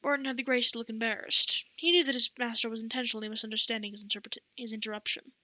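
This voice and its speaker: A woman's voice: fairly high pitch, steady tone, very fast, pushed and bright, no echo, rough recording. A woman reading a novel aloud as an amateur audiobook narrator, often stumbling and restarting words. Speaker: audiobook reader.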